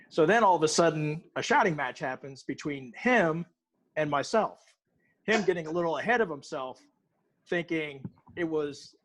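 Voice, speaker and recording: A middle-aged man, a guest barbecue cook, telling a story in casual chat and acting out both sides of it. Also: on the high side.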